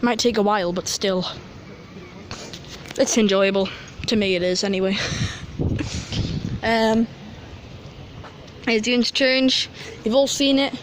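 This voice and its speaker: A man's voice: sits high, a little slow, pauses often. Chatty man vlogging on a platform. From North East England. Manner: chatty, rambling, excitable about train details. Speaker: transport vlogger. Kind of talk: casual walk-and-talk vlog commentary. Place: outdoor metro station platform. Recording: noisy outdoor station sound.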